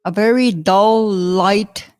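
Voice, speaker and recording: A woman leads a slow, patient language lesson, chatting between words, chuckling often and carefully sounding out each new one. Her voice is mid-range with a darkish tone.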